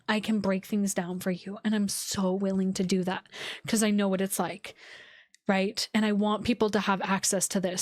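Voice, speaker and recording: A woman's voice: medium pitch, no echo, studio quality. A woman astrologer hosting a casual live stream, talking to her viewers in an effusive, heartfelt way, full of likes and restarts. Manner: talks with many likes and restarts.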